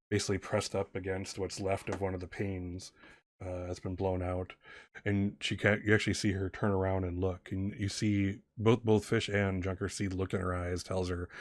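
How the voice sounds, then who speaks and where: A man narrating as game master of a tabletop role-playing game, talking in halting bursts with many fillers and restarts. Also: sits low, dry recording, clean studio sound.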